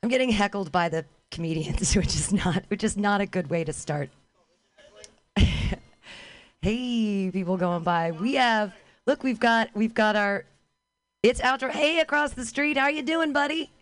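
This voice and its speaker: A woman's voice: medium pitch, a little slow. A woman doing stand-up comedy outdoors on a street corner, calling out to passers-by and joking about herself. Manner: calls out to passers-by, self-mocking.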